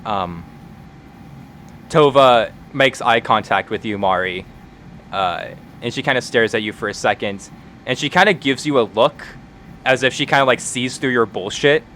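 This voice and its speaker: A man running a tabletop game, narrating loosely with lots of filler words. His voice is middle-pitched, with a faint hiss in the background. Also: moderate pace, a bit bright. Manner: casual, filler-heavy narration. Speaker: game master.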